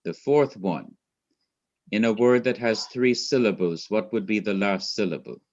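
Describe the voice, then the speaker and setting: A man's voice: fairly low pitch, measured pace, a little mellow, lo-fi sound. A man teaching a class, explaining step by step, repeating his points and quizzing a student. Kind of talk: class lecture.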